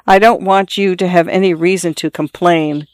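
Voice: medium pitch, steady tone, moderate pace, no room sound, natural voice. A narrator doing a shy young peasant man. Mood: earnest. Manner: hesitant, plain-spoken.

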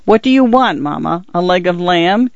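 A woman voicing a grown man who taunts his mother with loud, jeering cries, read aloud in a story. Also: lowish voice, lively intonation, moderate pace, gravelly, no room sound. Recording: dull, dry lo-fi recording.

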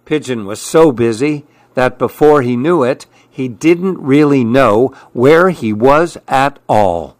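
A man narrates a children's picture book at an unhurried, gentle pace. His voice sits at an ordinary pitch for a man. The recording is close and dry. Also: dry recording. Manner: calm and measured. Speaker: storyteller. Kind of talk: children's story read-aloud.

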